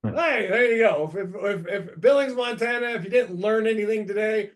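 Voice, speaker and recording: A man in his thirties from the United States hosting a podcast, telling stories in a rambling, animated way, with many restarts, and breaking into shouted voices when he quotes people. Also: high-pitched, a little fast. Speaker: podcast host. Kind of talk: casual storytelling chat.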